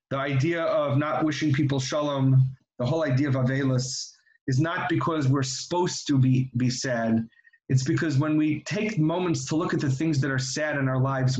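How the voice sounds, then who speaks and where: A man's voice: medium pitch, a little mellow, muffled recording. Earnest man teaching in an echoey room. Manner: earnest, with frequent restarts. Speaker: religious teacher. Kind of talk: reflective religious talk with storytelling.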